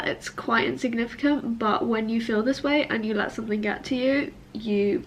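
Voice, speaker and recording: A woman's voice: a little high, fairly even intonation, moderate pace, few pauses. A young woman, a university student, venting tearfully in a personal vlog, sniffling and self-critical as she rambles. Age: young adult.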